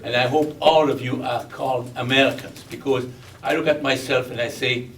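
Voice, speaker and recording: A man's voice: medium pitch, steady tone, normal speed, fairly bright tone. Man, 80s, Belgian accent, joking speech to an audience, emphatic repetition, distant mic, faint background hiss. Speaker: veteran guest speaker.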